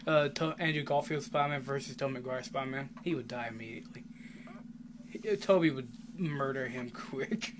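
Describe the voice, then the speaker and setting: A man co-hosting a casual podcast who gives short, halting replies full of fillers. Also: medium pitch. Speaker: podcast co-host. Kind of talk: casual chat. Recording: noisy home recording.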